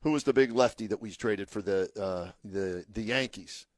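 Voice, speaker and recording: A man's voice: fairly low pitch, normal speed, dry recording. A man co-hosting a sports radio show, chatting loosely about the team's payroll. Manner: chatty, loose, laughing asides. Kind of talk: casual sports talk radio banter.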